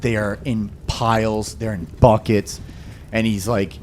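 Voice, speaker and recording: A man narrates a tabletop game in a fairly low voice and rambles loosely through scenes with plenty of fillers, over a faint hiss. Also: level tone, measured pace. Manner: rambling, filler-heavy, laughs often. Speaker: game master.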